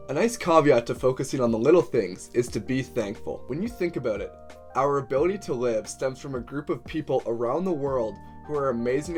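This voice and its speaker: A man's voice: medium pitch, darkish tone. A young man hosting a scripted self-help video, upbeat and dropping in joking asides. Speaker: video host. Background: faint background music.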